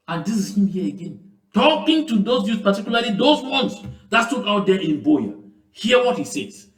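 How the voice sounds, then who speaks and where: A man's voice: very high voice, echoey room, rough recording. A man giving impassioned commentary, speaking emphatically and breaking into indignant questions. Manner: emphatic, rising to indignant outbursts.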